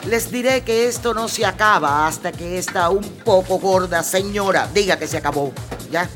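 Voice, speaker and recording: A woman's voice: on the low side, fairly quick, fairly bright tone, natural voice. An actress voicing a sassy, outspoken middle-aged woman in a dubbed TV drama, with faint music behind her. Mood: exasperated. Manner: sassy, bossy.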